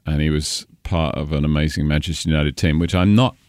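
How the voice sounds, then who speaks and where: A middle-aged man from England with a Cambridge-area English accent, a stadium announcer chatting as a guest, talkative and quick to laugh. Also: very deep voice, steady tone, a little mellow, dry recording, clean studio sound. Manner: chatty, laughs often, enjoys rolling names off the tongue. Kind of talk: casual interview chat.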